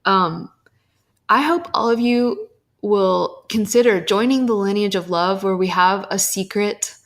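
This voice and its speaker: A woman's voice: medium pitch, a little slow. A young adult woman hosting a podcast, talking candidly and emotionally about spiritual teachings, with casual swearing.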